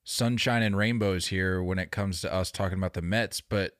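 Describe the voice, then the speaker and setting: A man's voice: low-pitched, moderate pace, no room sound, studio quality. Opinionated man co-hosting a podcast. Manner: animated, opinionated banter. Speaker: podcast co-host. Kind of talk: casual chat.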